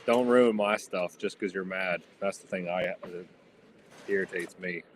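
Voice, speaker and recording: A man's voice: low voice, unhurried, a little hiss or hum. A man co-hosting a casual chat, rambling with lots of fillers.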